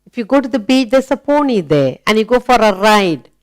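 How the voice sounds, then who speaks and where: A woman with an Indian English accent teaching phonics to children, drawing out key words slowly and asking many questions. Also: fairly high pitch, big pitch swings. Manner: slow and deliberate, drawing out key words, asks frequent questions. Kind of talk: slow, animated teaching to children.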